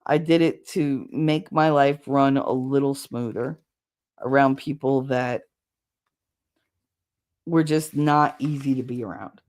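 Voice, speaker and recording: A middle-aged woman hosting a casual livestream, talking bluntly with plenty of swearing and quick laughs while she chats with viewers. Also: extremely low pitch, steady tone, darkish tone. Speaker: livestream host.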